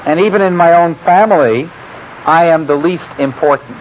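A man's voice: fairly high pitch, pitched above the performer's own voice, natural voice. A man voicing a humble pleading biblical farmer. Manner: earnest, raised and slowed when quoting. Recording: muffled lo-fi recording with faint hiss.

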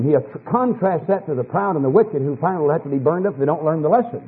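A man preaching a sermon, emphatic, dropping to low asides and rising to fervent scripture reading, on an old archival sermon tape. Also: lively intonation, fast talker, slightly rough, phone-quality sound.

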